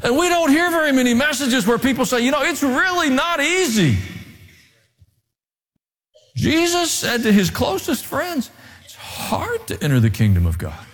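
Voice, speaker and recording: A man preaching a sermon, telling the story with animated delivery, sudden pitch swings and dramatic pauses. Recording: long hall reverb.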